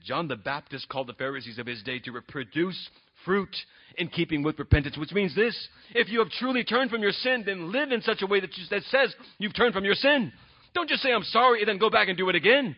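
A male pastor delivers a sermon in a slightly high, husky voice. He is earnest, dropping to near-quiet and then rising to emphatic stress. The recording sounds dull and lo-fi. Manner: earnest, swings between soft and emphatic.

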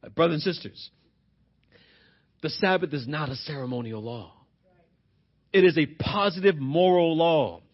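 A man's voice: on the high side, expressive, moderate pace, long pauses, highs cut off. A pastor preaching a sermon, driving his points home with repeated rhetorical questions.

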